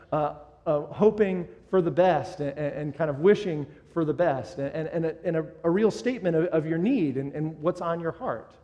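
Earnest preacher in an echoey hall. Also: male voice, high-pitched, warm tone, highs cut off. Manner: earnest, with frequent restarts and "kind of". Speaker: pastor. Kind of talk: sermon.

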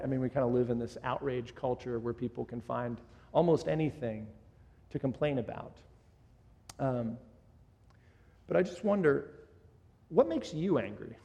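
A man's voice: medium pitch, creaky, darkish tone, highs cut off. A man preaching a sermon in an earnest, teaching way, often restarting his phrases. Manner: earnest, with frequent restarts and "kind of". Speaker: pastor. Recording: echoey hall.

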